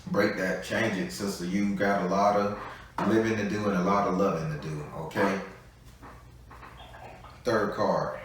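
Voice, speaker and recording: A man's voice: deep voice, fairly even intonation, unhurried, pauses often, slight background noise. A man giving a live tarot reading, talking bluntly and freely, with a good deal of swearing. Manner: blunt, profane, chatty. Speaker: tarot reader. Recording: echoey room, voice from a distance.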